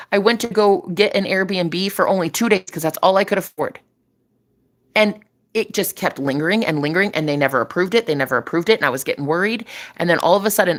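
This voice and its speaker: Woman, deep voice, spiritual reading, emphatic, repetitive, preachy. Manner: emphatic, preachy, repeats phrases for effect; swears casually. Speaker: spiritual reader. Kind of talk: casual spiritual vlog talk.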